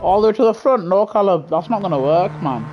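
A man's voice: high-pitched, expressive, quick pace, lo-fi sound. Man gaming on stream, slangy banter with chat, headset mic, faint music and engine noise behind. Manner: chatty, reacts loudly to the race, jokes with viewers in slang. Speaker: live-streaming sim racing gamer. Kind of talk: casual live-stream chat while racing.

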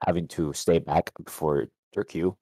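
A man's voice: low-pitched, fairly even intonation, moderate pace, dark tone, dry recording. A man co-hosting a podcast, chatting about films in a playful, jokey way with casual swearing. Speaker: podcast co-host. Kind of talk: casual film review chat.

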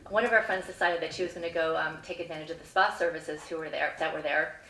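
A woman with a somewhat low voice tells a personal travel story at a live story slam. She speaks in a measured, earnest way, pausing often with "um". She sounds distant from the mic, with hall echo and faint room noise behind. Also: fairly even intonation, pushed and bright. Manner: measured, earnest, frequent "um" pauses. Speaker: storyteller and school committee member. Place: stage in a hall. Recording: echoey hall, mic from far off.

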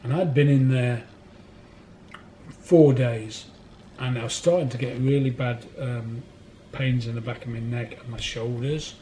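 A man's voice: medium pitch, steady tone, a little slow, warm tone, slight background noise. A man being interviewed in a record warehouse, rambling through anecdotes and laughing as he tells them. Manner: rambling, laughs through his stories, acts out other people's voices. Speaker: record collector telling stories.

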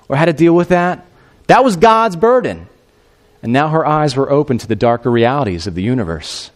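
A male pastor with a medium-pitched voice preaches a sermon in a conversational, animated style. He uses fillers like "you know" and "I mean."

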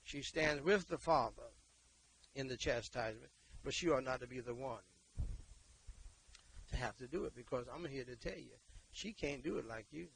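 Man, preacher, gravelly and mid-pitched, preaches in loud bursts and quiet stretches. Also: normal speed, long pauses, a little hiss or hum, low-quality recording. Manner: emphatic, repeats words, swings between loud exhortation and quiet talk. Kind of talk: sermon and prayer.

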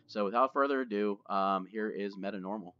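Gaming host, low-pitched and casual, swears freely; dull desk-mic sound with game music under it. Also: male voice, brisk, clean tone. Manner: chatty, loose, swears and jokes. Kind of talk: casual gameplay commentary. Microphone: desk microphone.

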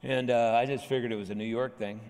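Storytelling pastor in a reverberant hall. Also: male voice, mid-range voice, fast. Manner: animated anecdote with humorous asides. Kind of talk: storytelling sermon. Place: large church sanctuary.

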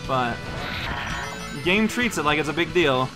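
A man's voice: a little high, animated, unhurried. A man casually commenting over a video game he is playing, joking and rambling. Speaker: let's play host. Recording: voice over game audio and music.

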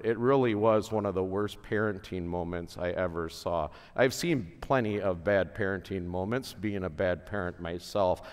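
A male pastor giving a chapel sermon at a school, speaking slowly and earnestly with relaxed conversational asides. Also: on the low side, clear, resonant tone. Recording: long hall reverb.

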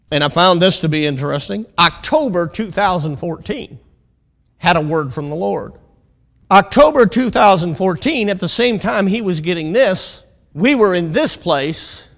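A man preaching a Bible lesson from the pulpit, drawing out his words and swelling to emphatic, near-shouted peaks between calls of amen. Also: high-pitched, vocal fry, big-room sound. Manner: preaching with call-and-response asides, rising to loud emphatic peaks; drawn-out, deliberate delivery. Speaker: pastor teaching a Bible lesson. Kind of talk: sermon.

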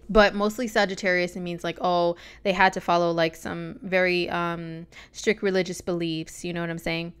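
A woman's voice: lowish voice, smooth. A woman talking casually on a vlog, giving a chatty, sassy astrology reading full of slangy asides.

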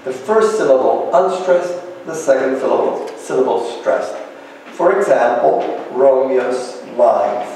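A man's voice: mid-range voice, expressive, a little mellow, distant mic, a little hiss or hum. Man lecturing in an echoey hall. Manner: measured, explanatory, with light humor. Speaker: author giving a public reading. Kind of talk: lecture-style talk to a live audience. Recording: echoey hall, voice from afar, faint ambience.

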